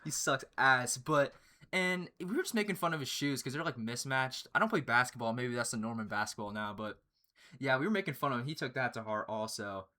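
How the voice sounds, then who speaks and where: A young man telling a story in casual chat, excitable and profane, often breaking into laughter. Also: medium pitch, a little fast. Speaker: storyteller, channel host.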